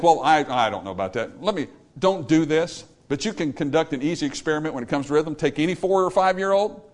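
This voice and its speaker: A man preaching a sermon, talking straight to his listeners with emphasis, and sometimes singing a short phrase as an example. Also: a little high. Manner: emphatic, talks straight to the congregation. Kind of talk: sermon on music.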